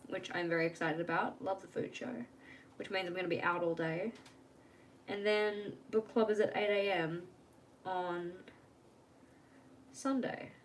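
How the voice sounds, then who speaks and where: A woman's voice: mid-range voice, a little hiss or hum. A young woman chatting casually on a live stream from home while she works on her journal, rambling and laughing at herself.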